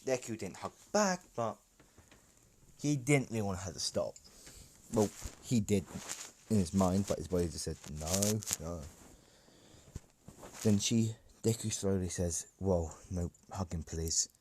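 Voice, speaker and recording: A man's voice: on the low side, animated, normal speed, noisy background. A man improvising a fan-fiction story in a rambling way, correcting himself and chatting to listeners.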